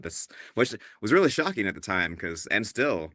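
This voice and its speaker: Brief: very deep man with a forceful tone, relaxed storyteller, dry recording. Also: normal speed, no echo. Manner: relaxed storyteller, acts out quotes, laughs easily. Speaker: podcast guest. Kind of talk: casual interview chat.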